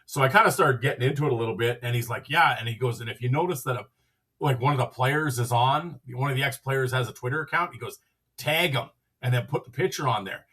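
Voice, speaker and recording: A man hosts a podcast and tells a loose, rambling story, slipping into the other people's lines as he goes. His voice is husky, at a middle pitch for a man. He sits a little back from the microphone. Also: fast talker, pushed and bright, far from the mic. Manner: rambling, acts out quoted dialogue with "I'm like". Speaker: podcast host. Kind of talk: casual storytelling.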